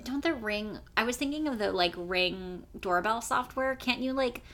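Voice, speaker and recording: A woman's voice: on the high side, animated, normal speed, fairly bright tone. A woman co-hosting a podcast, bantering and rambling, then laughing at herself. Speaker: podcast co-host. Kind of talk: casual chat.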